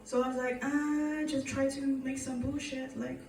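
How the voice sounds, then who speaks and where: Woman, from China, stand-up comedian, deadpan, high voice, echoey room, loud background noise. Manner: deadpan, halting non-native English. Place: comedy club stage. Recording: echoey room from far off, crowd laughter. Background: audience laughing.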